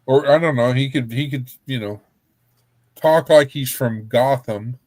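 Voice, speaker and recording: Slow, easygoing man from Texas. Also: mid-range voice, a little mellow, dry recording. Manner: rambling, joking, laughs often. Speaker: livestream host. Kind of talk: casual chat.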